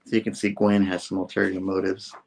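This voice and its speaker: A man's voice: low voice, completely flat delivery, a little fast, creaky, darkish tone. A man recapping a comic book issue in casual chat, acting out the characters' lines in a raised voice.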